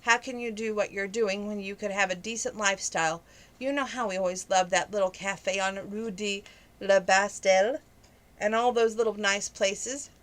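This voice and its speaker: A woman's voice: medium pitch, steady tone, moderate pace, fairly bright tone, natural voice. A woman reading the lines of a fashionable, pushy middle-aged mother with a sugary, prodding manner. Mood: sweetly critical.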